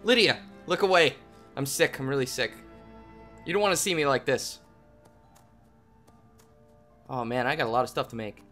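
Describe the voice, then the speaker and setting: A young man hosting a game play video, talking to viewers in a goofy way and breaking into loud yelps and yells. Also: mid-range voice, a little fast. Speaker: gaming channel host. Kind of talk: let's play commentary. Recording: game music playing softly behind.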